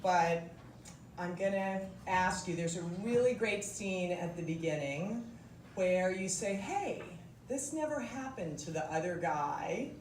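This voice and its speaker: A woman's voice: lowish voice, lively intonation, measured pace. Woman interviewer, upbeat, laughing questions, far from the mic, echoey, noisy room. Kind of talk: live stage interview. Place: museum event hall with audience.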